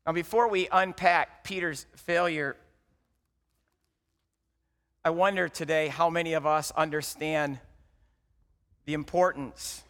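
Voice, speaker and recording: A man preaching a sermon, telling the story dramatically and swinging from loud to hushed. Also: on the high side. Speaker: pastor. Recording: long hall reverb.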